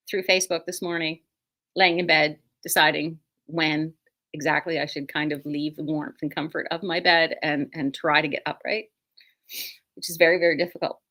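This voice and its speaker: A woman's voice: deep voice, fairly even intonation, normal speed, fairly bright tone. A middle-aged woman, hosting a casual livestream from her quilt shop, joking and self-deprecating as she rambles.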